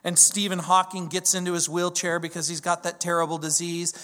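A male pastor preaching a verse-by-verse sermon, swinging from loud declarations to hushed questions. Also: high-pitched, brisk, few pauses, long reverb tail.

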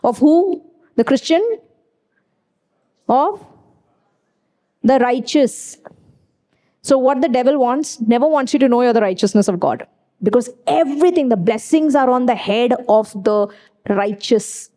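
A woman preaching with a slightly high, mellow voice. She speaks emphatically and repeats key phrases for weight. She often slips personal stories into the sermon. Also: measured pace, long pauses.

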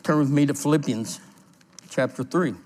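A man's voice: fairly high pitch, normal speed. A man, a pastor preaching a sermon, telling a personal story with laughter and then reading scripture aloud and explaining it. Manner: storytelling, animated, laughs at his own story.

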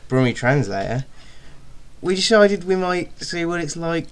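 A man's voice: on the high side, sing-song, measured pace, smooth. A young man from Birmingham co-hosting a casual radio podcast, chatting loosely with frequent fillers. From Birmingham, England. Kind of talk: casual chat.

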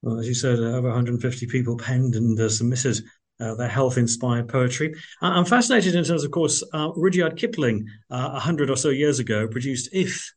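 A man's voice: mid-range voice, a little fast, a little mellow. A man hosting a radio interview, chatty and upbeat, with frequent filler sounds. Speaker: radio host.

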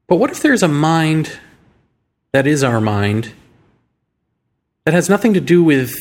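A man hosting a show, talking through ideas in a musing monologue full of rhetorical questions and slow, deliberate phrasing. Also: on the high side. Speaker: podcast host. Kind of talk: reflective monologue.

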